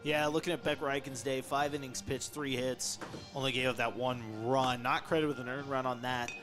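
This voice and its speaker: A man doing color commentary on a live baseball game from a press box, relaxed and full of statistics. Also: medium pitch, normal speed, over music. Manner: relaxed, stat-heavy analysis.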